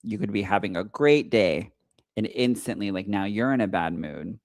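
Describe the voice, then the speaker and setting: A young adult man hosting a casual podcast chat, animated and telling stories by acting out quoted lines. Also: fairly low pitch, moderate pace, dry recording. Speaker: psychic medium and podcast co-host.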